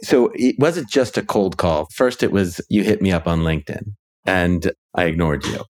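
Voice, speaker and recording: Male podcast guest, deep and relaxed, reflective storyteller. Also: moderate pace. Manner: relaxed, reflective storyteller who laughs easily. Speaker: guest, ghostwriter and author. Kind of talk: casual interview conversation.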